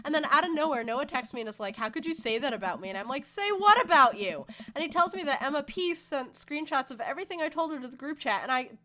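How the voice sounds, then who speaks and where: A woman's voice: high-pitched, lively intonation, fast talker, few pauses, bright, forceful tone. A woman streaming a game live, talking to her chat in a giggly, emotional way.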